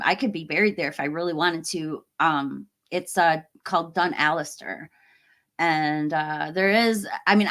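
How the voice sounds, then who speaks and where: A woman's voice: on the low side, fairly bright tone. Chatty woman hosting a live stream. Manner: chatty, laughs often, trails off and restarts. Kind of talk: casual live-stream chat reading viewer comments.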